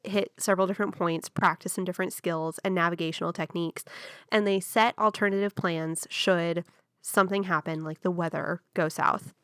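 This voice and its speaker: Young woman podcaster, low smooth voice, chatty storyteller, dry close mic. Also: steady tone, normal speed, a bit bright, no echo. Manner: chatty, hedging with fillers.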